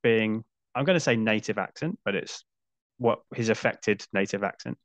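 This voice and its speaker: A man's voice: on the low side, normal speed, no room sound. A middle-aged man hosting a casual film chat, thinking aloud and restarting his sentences. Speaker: podcast host.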